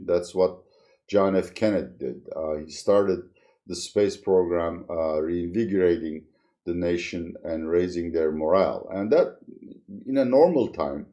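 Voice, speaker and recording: Male commentator, deep and unhurried, dry and sardonic. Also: mellow. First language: Turkish. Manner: wry, sardonic, chuckles through serious points. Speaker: channel host, commentator. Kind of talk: solo video commentary.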